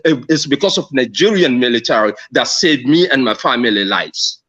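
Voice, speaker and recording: A man from Sierra Leone with a Sierra Leonean accent, speaking earnestly and emphatically as a caller in a live discussion, repeating phrases and pausing on fillers. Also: medium pitch, animated, a bit bright, lo-fi sound. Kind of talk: impassioned call-in discussion.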